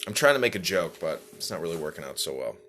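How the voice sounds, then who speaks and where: A man's voice: deep voice, big pitch swings, fast talker, fairly bright tone, slight background noise. A man hosting a live stream in casual chat, rambling with many fillers and dry jokes.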